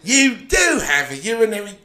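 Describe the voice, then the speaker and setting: A man's voice: sits high, huge pitch swings, normal speed, pushed and bright, heavily acted. A man doing a clinical British army doctor. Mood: matter-of-fact. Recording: echoey room with crowd.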